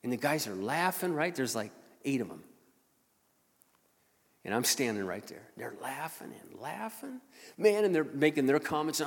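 A male pastor telling a personal story in a sermon, animated, swinging between loud and hushed. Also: mid-range voice, moderate pace, in a large hall.

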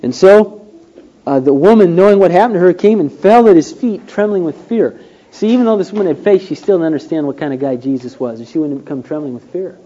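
A man's voice: high voice, a little fast, warm tone. A man preaching a sermon, telling a story and acting out the quotes with rising and falling emphasis. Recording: dull lo-fi recording.

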